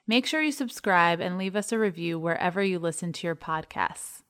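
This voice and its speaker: A woman reading a scripted podcast announcement in a smooth, even delivery. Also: fairly low pitch, moderate pace.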